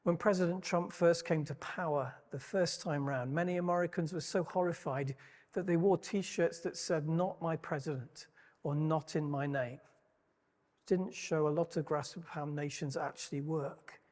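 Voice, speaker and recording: A man preaching a sermon, retelling a story in a measured, reflective way with wry asides. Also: on the high side, fairly even intonation, darkish tone. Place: church hall. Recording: long church reverb.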